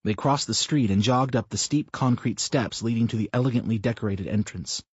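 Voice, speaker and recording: A man narrating an audiobook in a steady, measured reading, in a slightly muffled recording. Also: mid-range voice, husky, no room sound. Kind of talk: scripted narration.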